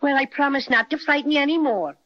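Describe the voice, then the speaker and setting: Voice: high voice, fast, lightly acted. A performer voicing a small, cheerful and boastful teddy bear with an Irish accent, acting for a 1930s radio drama. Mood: playful. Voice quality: lilting, chatty, mock-ferocious. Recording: muffled old radio recording.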